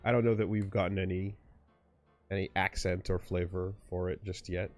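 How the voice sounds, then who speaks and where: This low, flatly delivered voice moves a little fast, with soft music in the background. It belongs to a man chatting through a casual let's play, who rambles, interrupts himself, restarts sentences and breaks into loud laughter as he talks about the game.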